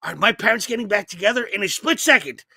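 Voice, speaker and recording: A man's voice: sits high, lively intonation, fast, creaky, pushed and bright, husky, no echo. A man co-hosting a podcast, chiming in with enthusiastic, profane jokes. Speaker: podcast co-host. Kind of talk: casual chat.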